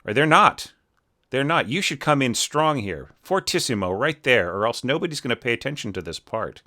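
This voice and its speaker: A middle-aged orchestration teacher critiques an orchestral score in a casual, chatty manner, packing his speech with fillers and singing out musical phrases in nonsense syllables. His medium-pitched voice is very animated, fairly quick, pushed and bright.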